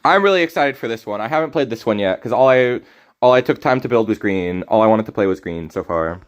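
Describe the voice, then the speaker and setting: A man streaming a card game, chatting casually with his viewers, teasing them and breaking into loud, sudden reactions. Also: fairly low pitch, lively intonation, quick pace, clear, resonant tone. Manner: casual, teasing banter with chat. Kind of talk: live game stream commentary.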